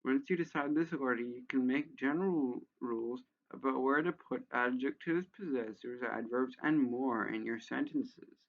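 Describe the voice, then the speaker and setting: A man's voice: medium pitch, moderate pace, few pauses, narrow, tinny audio. A man giving sarcastic, exasperated commentary as he reads a how-to page aloud, with a lot of swearing. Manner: exasperated, profane ranting. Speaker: video creator.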